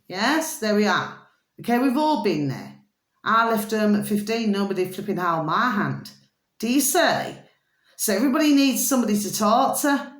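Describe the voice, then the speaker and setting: A woman vlogging in casual commentary, emphatic and constantly asking her viewers whether they see her point. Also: mid-range voice. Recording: roomy echo.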